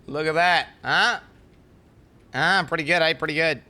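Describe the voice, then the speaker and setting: A young man streams a game from his home setup and rants excitably to his chat, swearing as he goes. His voice has a bright, sharp edge, close on a desk mic. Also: fairly high pitch, measured pace. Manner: excitable, ranting, swears freely. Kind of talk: casual live-stream chat.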